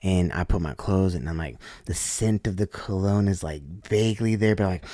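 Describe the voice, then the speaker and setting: A man's voice: sits low, normal speed, dry recording, clean studio sound. A man from Oklahoma, a podcast guest, telling a story casually and acting out the voices of people in it, with many restarts. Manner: animated, acts out quoted voices with frequent restarts.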